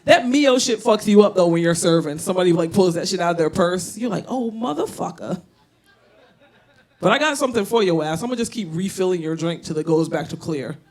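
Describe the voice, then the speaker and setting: A woman's voice: fairly low pitch, lively intonation, fast, few pauses. A woman comedian performing a stand-up set with brash, profane storytelling on a bar stage.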